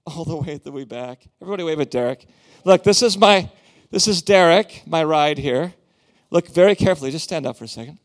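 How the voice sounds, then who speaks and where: A man preaching as a guest speaker, animated and joking with the congregation. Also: on the high side, a little fast. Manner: animated, theatrical, joking with the crowd. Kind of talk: sermon with book promotion. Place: church hall.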